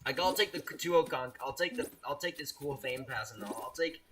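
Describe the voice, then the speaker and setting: A man's voice: medium pitch, animated, brisk, a bit bright. A young man streaming a game live, chatting casually and teasing his viewers. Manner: playful, teasing, restarts often, laughs at chat.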